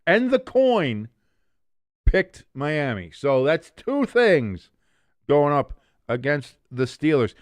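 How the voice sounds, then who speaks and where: A man hosting a casual sports preview, running through his picks in an animated, jokey, chatty way. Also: fairly high pitch, slow pace, dry recording, studio quality. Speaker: sports show host.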